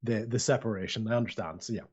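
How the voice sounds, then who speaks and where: A man acting as dungeon master for a tabletop game narrates in a chatty, rambling way, often restarting sentences. His voice is fairly low, quick, a little mellow, and breathy at the edges, in slightly dull lo-fi audio.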